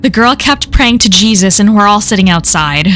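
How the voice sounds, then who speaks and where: A woman's voice: mid-range voice, expressive, normal speed, fairly bright tone, faint music behind. Woman reading a horror story aloud. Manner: casual first-person storytelling with frequent swearing. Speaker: story reader and streamer.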